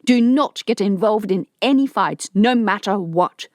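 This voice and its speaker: A woman's voice: mid-range voice, lively intonation, a little slow, darkish tone, no room sound, clean studio sound, lightly acted. A woman voicing a tough man in an audiobook who snaps curt, threatening orders. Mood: harsh commanding. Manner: harsh, snapping, commanding. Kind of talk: audiobook character voice.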